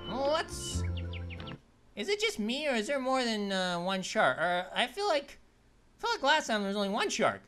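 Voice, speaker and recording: A performer voicing an upbeat, goofy male cartoon grape who hosts a let's play with excitable, punning commentary and yelps. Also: mid-range voice. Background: background game music.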